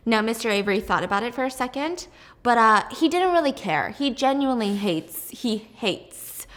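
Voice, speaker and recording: A young woman with a somewhat high voice tells a story while she bakes, chatty and animated, slipping into the characters' lines as she goes. Her voice rings out with a long reverb around it. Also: moderate pace. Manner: animated, chatty, acts out quotes. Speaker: storytelling baker host. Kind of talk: casual storytelling while baking.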